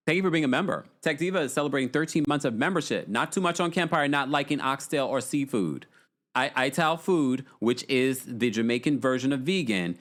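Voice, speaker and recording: A man's voice: medium pitch, fairly bright tone. Chatty man hosting a livestream recap. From United States. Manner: chatty, reads viewer super chats aloud. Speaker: podcast host. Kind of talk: casual livestream recap chat.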